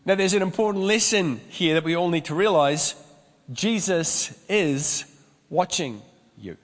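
A man preaches a sermon, his voice sitting high for a man. He tells stories with humorous asides, and a long hall reverb trails his words. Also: fairly bright tone. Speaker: pastor.

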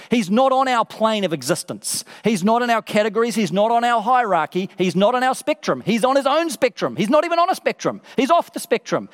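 A man preaching a sermon, emphatic and building through repeated phrases. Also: very high voice. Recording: long reverb of a large hall.

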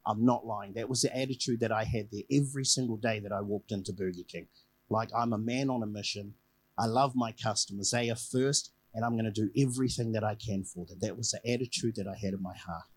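A man's voice: lowish voice, fairly quick, husky, dry recording, poor audio. Man giving a chatty evening sermon. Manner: animated storytelling, repeats key phrases. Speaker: preacher. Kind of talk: conversational sermon.

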